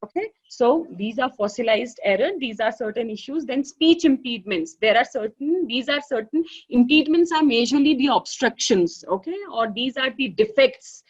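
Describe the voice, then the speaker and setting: A woman's voice: a little high, animated, moderate pace, slightly rough. A woman with an Indian English accent teaching an online class, explaining at length with many fillers like "you know" and "okay". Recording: dull lo-fi online class audio.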